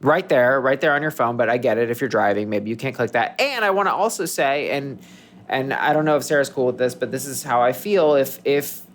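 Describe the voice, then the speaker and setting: A man's voice: mid-range voice, a little fast, a little hiss or hum. A man co-hosting a podcast in casual chat, rambling, restarting his sentences and joking as he goes. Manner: rambling, self-interrupting, jokey. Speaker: podcast co-host.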